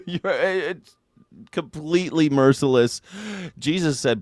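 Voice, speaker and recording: A man's voice: lowish voice, normal speed, no room sound. Male host, sarcastic news-reaction ranting, dry recording. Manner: irreverent, mocking, sarcastic ranting. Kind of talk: live news reaction commentary.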